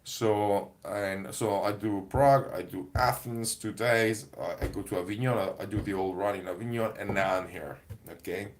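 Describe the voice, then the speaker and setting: A comedy performer chatting casually to camera in a rambling, digressive way, often breaking into laughter. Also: male voice, on the low side, steady tone, normal speed, hardly any pauses. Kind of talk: casual vlog monologue.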